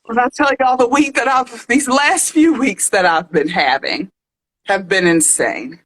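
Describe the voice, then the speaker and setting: Chatty woman livestream host, bright voice. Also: a little high, measured pace. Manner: chatty, greets viewers with terms of endearment. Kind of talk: casual livestream chat.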